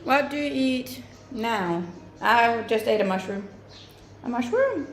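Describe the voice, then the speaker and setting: On a live stream, a young woman from Scandinavia replies to viewers' comments in easygoing chat, staying upbeat and laughing frequently. Her first language is Scandinavian and her English accent is mixed with a Scandinavian flavor. She sounds a little high and unhurried, in a roomy, echoey recording.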